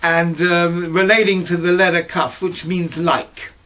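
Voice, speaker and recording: A man teaching mystical texts in a slow lesson over a video call, hesitant and searching for words with fillers and restarts. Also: flat delivery, bright, forceful tone. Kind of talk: slow explanatory lesson with many pauses. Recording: dull low-fi audio with faint noise.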